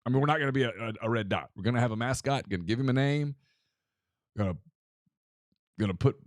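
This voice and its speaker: A man co-hosting a casual sports podcast, telling stories with animated quoted voices. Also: medium pitch, dry recording, studio quality. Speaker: podcast co-host.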